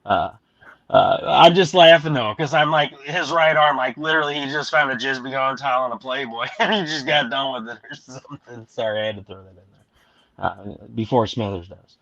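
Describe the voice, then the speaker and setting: A man's voice: medium pitch, normal speed, fairly bright tone, muffled recording. A man hosting a casual podcast, rambling and laughing often while reading a comic aloud and swearing freely. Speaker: podcast host.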